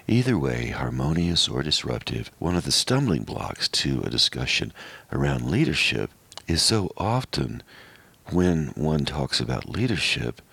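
Deep gravelly radio host, measured. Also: male voice, very animated, fairly bright tone, no room sound. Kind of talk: reflective radio talk.

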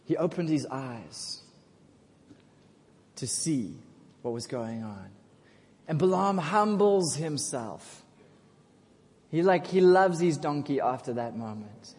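A male pastor with a fairly high voice tells a scripture story in a loose, joking way, breaking off to ask the congregation to answer. His voice carries a long reverb from a church hall. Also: expressive, measured pace, darkish tone, a little hiss or hum. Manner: casual, jokey storytelling, asks congregation for responses. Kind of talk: sermon.

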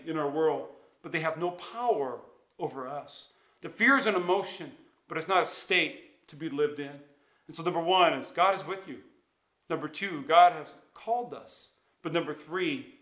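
A man preaching as a pastor, earnest and emphatic, with dramatic pauses and repeated phrases. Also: a little high, pushed and bright, roomy sound. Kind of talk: sermon. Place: church, streamed online.

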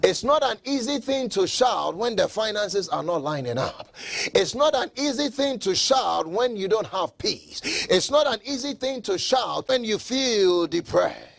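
A man preaching a sermon who acts out mocking onlookers and builds up to fervent shouting. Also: high voice, big pitch swings, a little slow, creaky.

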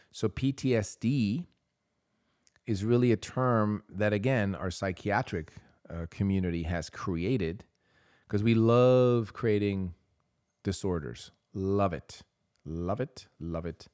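Brief: male podcast host, low voice, earnest and emphatic, dry close sound. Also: a little mellow, dry recording. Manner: earnest and emphatic, repeats key phrases for weight. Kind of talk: impassioned advice monologue.

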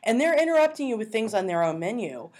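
A woman's voice: fairly high pitch, sing-song, quick pace, darkish tone. A woman on a podcast telling a personal story in casual chat, acting out both sides of the conversation.

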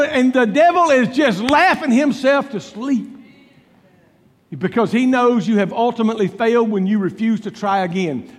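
A male preacher with a very high voice, delivering a sermon. He tells the story dramatically, voicing the characters and swinging between booming and hushed lines. His voice carries a long reverb, as from a big hall. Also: expressive, normal speed. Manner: dramatic storytelling, acting out biblical dialogue with swings in volume. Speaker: pastor.

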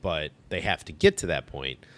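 A man's voice: extremely low pitch, wildly swooping pitch, normal speed, fairly bright tone. A man co-hosting a podcast, chatting casually with brief, dry replies and quips. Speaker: podcast co-host. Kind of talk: casual chat.

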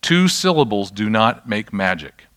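A man's voice: on the low side, big pitch swings, a little slow, a bit bright. A pastor teaching a church class in a loose, conversational way, often checking whether his listeners follow. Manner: conversational, self-deprecating, checks in with the audience. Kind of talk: informal sermon teaching. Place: church room with an audience.

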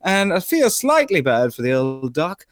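A man's voice: fairly high pitch, sing-song, a little slow, no room sound, clean studio sound. A man co-hosting a podcast, wry and profane in casual chat. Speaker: podcast co-host.

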